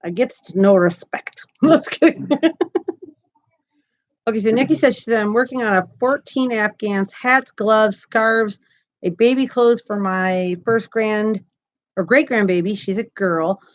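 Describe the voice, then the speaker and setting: A woman's voice: mid-range voice, a little slow, muffled recording. A woman in her thirties hosting a live crochet stream from home, chatty and giggly as she reads viewer comments aloud. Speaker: crochet channel host. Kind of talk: casual live-stream chat.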